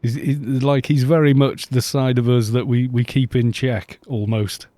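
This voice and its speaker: Chatty man, mellow voice. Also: medium pitch, level tone, normal speed, dry recording. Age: middle-aged. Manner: chatty and rambling, laughs often. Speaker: game streamer. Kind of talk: casual chat on a live stream.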